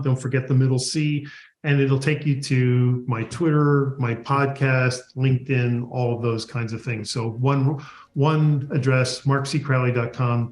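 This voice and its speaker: A man, a guest author, answering an interview and animatedly acting out workplace dialogue. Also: medium pitch. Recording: echoey room.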